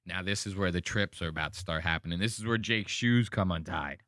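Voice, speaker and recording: Man, podcast host, bright forceful voice, dry close sound, profane, animated. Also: fairly quick, no room sound. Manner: animated, profane, mimics people in high voices. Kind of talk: casual podcast commentary.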